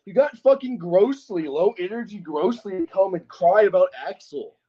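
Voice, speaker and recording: A streamer calling in to a rival's stream taunts and goads him mockingly in a heated online voice call. His high voice is slightly rough at normal speed, with the highs cut off.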